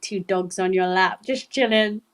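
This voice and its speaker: Slow-talking British woman, teasing. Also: mid-range voice. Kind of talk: casual chat on a live audio space.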